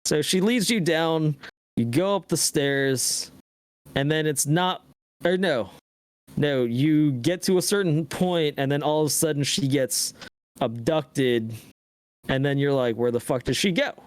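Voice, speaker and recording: Higher-voiced man in profane gaming chat. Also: measured pace, clean tone, no room sound. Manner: profane, animated retelling of his own reactions. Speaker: podcast co-host.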